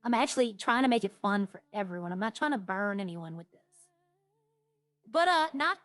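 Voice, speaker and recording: In a medium-pitched, fairly bright and expressive voice, a woman talks fairly quickly while streaming a roleplay game. She chats casually, rambles, and trails off before restarting, and the recording is dry with clean studio sound.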